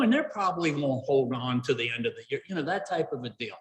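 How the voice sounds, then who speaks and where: A man's voice: mid-range voice, lively intonation, quick pace, hardly any pauses, echoey room, long reverb tail, poor audio. A middle-aged man giving a folksy after-dinner speech, full of fillers and restarts. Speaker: Rotary club member giving award introduction. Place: event hall.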